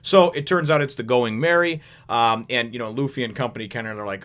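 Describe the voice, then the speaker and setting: A man's voice: animated, fairly quick, fairly bright tone. A man hosting a manga chapter review, rambling casually with lots of fillers. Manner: rambling, filler-heavy, acts out characters in high voices. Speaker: host of a manga review show.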